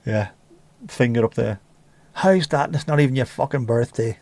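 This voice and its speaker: Crude, joking man, mid-pitched. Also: measured pace, a little mellow. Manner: crude joking banter with frequent swearing. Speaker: livestream host. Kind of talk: casual pub-style livestream chat.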